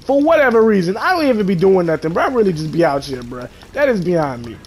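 A man commentating live on his gameplay, trash-talking in slang and bursting into shouts. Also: high-pitched, very animated, fast, a little hiss or hum.

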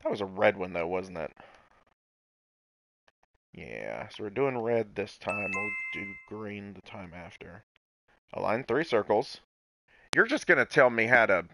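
A man's voice: on the low side, big pitch swings, measured pace, creaky, pauses often, music in the background. A man casually commenting on his own gameplay, playful and talking to himself with sudden outbursts. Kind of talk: casual let's-play commentary.

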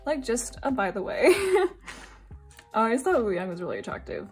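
A young woman from Singapore chatting casually while unboxing albums, giggly and gushing, now and then breaking into high squeals. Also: sing-song, moderate pace, faint music behind. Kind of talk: excited casual chat.

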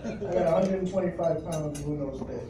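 A man, telling animated stand-up stories at an open mic and acting out other people's voices. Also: fairly high pitch, fairly quick, a crowd in the background. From the Bronx, New York. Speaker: stand-up comedian. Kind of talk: stand-up comedy set. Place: club open mic, live audience. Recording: noisy crowded room, distant and echoey.

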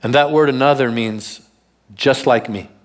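A male pastor preaches a church sermon in a storytelling way. His voice sits at an ordinary mid pitch, and he slows right down to lean on the words that matter. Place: church service.

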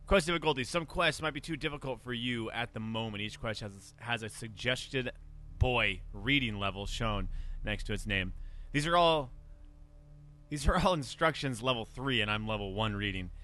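A man with a medium-pitched, sharp-toned voice gives casual let's play commentary on his own video game playthrough at a moderate pace, joking and talking back to the characters on screen. Game music plays in the background.

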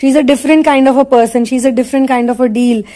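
A woman voicing a nervous young man who is smitten and defends himself to a teasing friend, talking in quick, defensive bursts. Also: high-pitched, steady tone, dark tone, close to an everyday voice.

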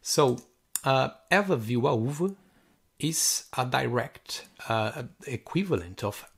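Slow, husky-voiced male lecturer. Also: medium pitch, animated. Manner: slow and halting, many fillers and restarts. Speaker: university language lecturer. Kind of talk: recorded sample lecture.

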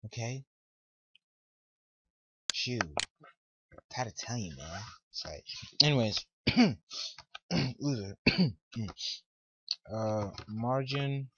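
A teenage boy recording a casual coding tutorial, rambling and talking to himself, easily frustrated. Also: medium pitch. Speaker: tutorial maker. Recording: dull lo-fi mic with loud hiss. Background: keyboard and mouse clicks.

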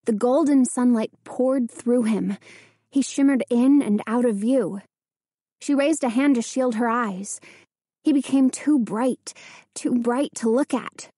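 A woman narrates a children's chapter book at a slow, deliberate pace. Her voice sits a little high. The recording is close and dry, with no room sound. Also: warm tone, husky, no room sound. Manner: slow, measured storytelling. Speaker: audiobook narrator. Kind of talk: scripted narration.

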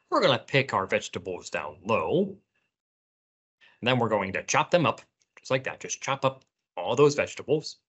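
A woman's voice: very deep voice, husky. A woman reading picture books aloud and singing to young children at library story time, inviting them to join in. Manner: slow, animated storytelling, inviting kids to join in.

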